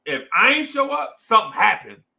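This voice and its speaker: Host, male, young adult, New Jersey accent; raised pitch, gravelly edge, slangy hype chat to fans. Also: big pitch swings, fairly quick, sharp tone. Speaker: sports show host. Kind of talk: casual livestream chat to fans.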